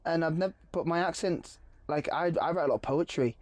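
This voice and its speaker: An English man chatting casually as a podcast guest, laughing often and throwing in quick asides. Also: fairly high pitch, a little hiss or hum. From England. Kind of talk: casual chat.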